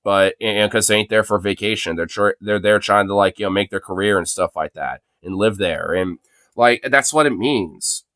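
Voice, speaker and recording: A man's voice: lowish voice, normal speed, a bit bright, no echo. A young man chatting casually as a host reacting to videos, rambling, laughing often and swearing freely.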